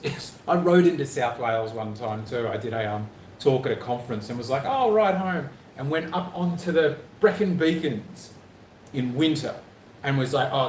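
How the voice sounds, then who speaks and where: A man's voice: mid-range voice, reverberant, slight background noise. Jokey man, live chat. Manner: chatty, jokey, rambling. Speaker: travel vlogger on a live stream.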